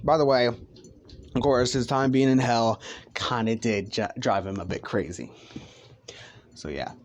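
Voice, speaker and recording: A young man tells a fan-made story in a slow, unhurried voice. He rambles, jokes and swears freely. His narration is casual and loose, never polished. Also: mid-range voice, slight background noise. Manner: crude, joking, rambling.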